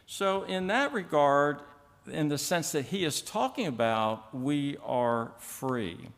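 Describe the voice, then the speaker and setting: A man, a pastor, teaching an evening Bible sermon in a measured, explanatory way, reading and quoting scripture as he goes. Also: fairly high pitch, big pitch swings, gravelly, fairly bright tone. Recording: long reverb of a church hall.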